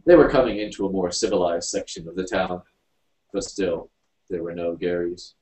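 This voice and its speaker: A man reading a story aloud, narrating in an unhurried storybook manner. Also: sits low, level tone, darkish tone. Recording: roomy, distant mic.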